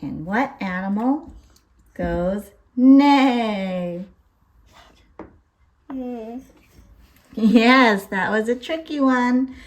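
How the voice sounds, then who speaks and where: A woman's voice: on the high side, very slow, long pauses. A woman hosting a toddler lesson, speaking in a sing-song way and imitating farm animal noises. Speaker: children's teacher.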